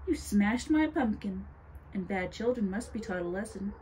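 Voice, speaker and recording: A woman's voice: expressive, normal speed, a little mellow, a little hiss or hum, natural voice. A woman voicing a gleeful, cruel witch in a sugary, mocking tone. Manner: sugary, mocking, pitched up high.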